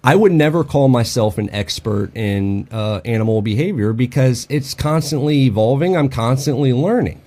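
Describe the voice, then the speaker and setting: A man's voice: mid-range voice, animated, normal speed, few pauses, a little mellow. A man hosting a casual podcast conversation, blunt and profane, with many fillers and restarts. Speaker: podcast host and dog trainer.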